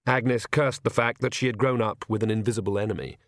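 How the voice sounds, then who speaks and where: A man narrates a comic fantasy novel as a scripted audiobook reading, using a measured, wry storytelling voice at medium pitch. The studio-quality recording is dry.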